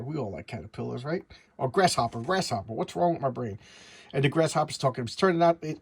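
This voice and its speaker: A man's voice: medium pitch, a little mellow, husky, no echo. A man giving a casual, chatty comic book review, rambling through the story with frequent restarts.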